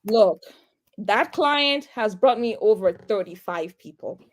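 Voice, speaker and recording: A woman's voice: medium pitch, expressive, slow pace. A woman real estate agent, a guest, retelling her story with lots of quoted dialogue and big swings in her voice. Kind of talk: animated storytelling.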